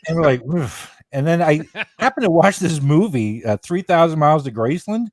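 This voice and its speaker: A man's voice: on the high side, lively intonation, a little fast, a little mellow. A guest comedian in his forties, reminiscing in casual chat with a rambling, restarting manner. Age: 40s.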